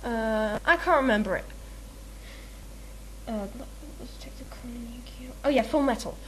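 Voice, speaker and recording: A woman's voice: a little high, unhurried, fairly bright tone, a little hiss or hum. A woman rambling through a questionnaire in casual chat, giggly and self-mocking, with lots of ums and uhs. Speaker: video maker answering a meme questionnaire.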